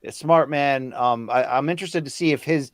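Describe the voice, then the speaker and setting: A man's voice: mid-range voice, normal speed, no room sound, clean studio sound. A man co-hosting a live watch-along, teasing his co-host and prodding him with questions.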